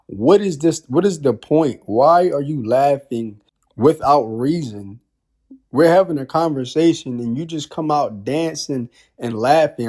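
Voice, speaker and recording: Male vlogger, mid-pitched, casual ranting commentary, incredulous and slangy. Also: darkish tone. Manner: incredulous, heavy on rhetorical questions and slang.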